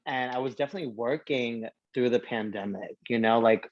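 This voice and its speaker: A drag performer from Brooklyn, chatting in a sassy, slangy way and laughing often. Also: male voice, medium pitch, fairly quick, no room sound, muffled recording. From Brooklyn, New York. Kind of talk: casual podcast chat.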